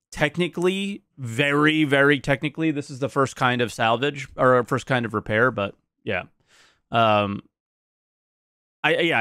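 A man's voice: a little high, a bit bright, clean tone, no room sound, clean studio sound. A man streaming his reaction to a video, thinking aloud in a casual way with frequent restarts. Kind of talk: casual live-stream commentary.

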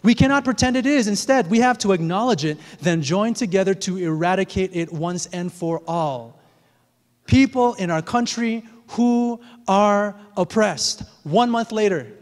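High-voiced pastor in a reverberant church. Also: male voice. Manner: earnest, rises to emphatic peaks. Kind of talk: sermon. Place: large church sanctuary. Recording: long hall reverb.

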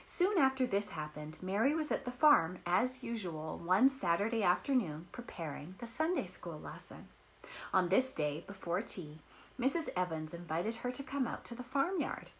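A woman reads a children's story aloud in a gentle storytelling voice. Her pitch moves in lively ups and downs, and she stops now and then to explain words to young listeners. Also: moderate pace, low-quality recording.

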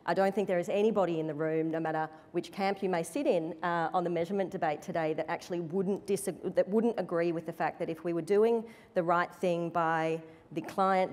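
Measured, low-voiced woman panelist. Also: darkish tone. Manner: measured, corporate, careful to avoid direct answers. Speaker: TV network executive on a panel. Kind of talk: conference panel discussion. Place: conference stage before an audience. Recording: reverberant conference hall.

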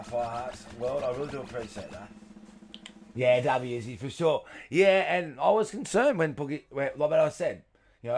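A man livestreaming a game, chatting with viewers, greeting them by name, and shouting when excited. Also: medium pitch, vocal fry, a little hiss or hum. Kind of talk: casual gaming stream commentary.

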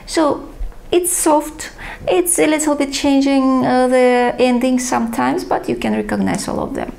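A woman's voice: high-pitched, unhurried, gravelly, darkish tone. A woman teaching a recorded language lesson, speaking in careful, slightly non-native English and patiently reading word lists aloud.

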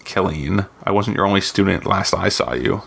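A man reading aloud, voicing a shrewd imperial woman governor in a smooth, probing manner. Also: deep voice, steady tone, moderate pace, a bit bright, heavily acted. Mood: pointed. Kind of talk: audiobook reading.

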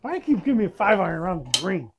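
Crude, joking uncle at sim golf. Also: male voice, sits high, sing-song, rapid-fire, creaky. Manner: crude and joking, swears freely, coaches and needles. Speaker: co-host, the uncle. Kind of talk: casual banter over a game. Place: indoor golf simulator room.

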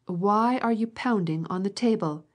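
A woman reading aloud, voicing a stout, stern elderly lady who scolds in a loud, commanding way in an audiobook. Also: mid-range voice, normal speed, close to an everyday voice. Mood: scolding.

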